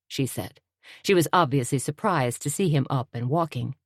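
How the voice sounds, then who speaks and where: A woman narrating an audiobook in a steady, even way. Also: extremely low pitch, normal speed, creaky, slightly rough, dry recording, clean studio sound.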